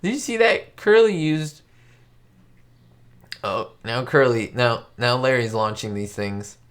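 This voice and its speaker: A man's voice: mid-range voice, expressive, takes it slowly. A man hosting a live stream, reacting to an old comedy with frequent laughter and exclamations and talking straight to his viewers. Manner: giddy, laughs often, exclamatory; chats directly to viewers. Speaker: channel host.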